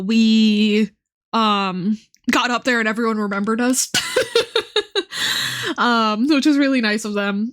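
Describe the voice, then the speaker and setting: A young woman with a high voice tells a long story on her live stream. She rambles in a casual chatty way, with plenty of ums, and often breaks into laughter. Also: a bit bright.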